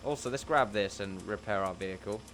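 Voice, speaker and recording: A man's voice: fairly low pitch, fairly quick, a bit bright, faint music behind. A man giving chatty, rambling let's play commentary at a desk mic, tossing in jokey asides. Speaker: gameplay commentator.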